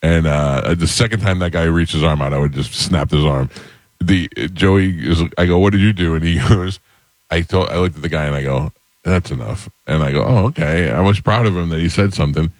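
Middle-aged guy, very low voice, dry close studio sound, animated storyteller. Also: fairly quick, no echo. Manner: animated storyteller, acts out quotes. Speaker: radio show host. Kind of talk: casual storytelling chat.

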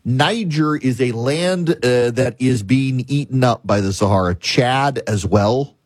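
A man's voice: medium pitch, a little slow, no room sound. A man delivering an emphatic political monologue as a commentator host, repeating and listing points with frequent restarts.

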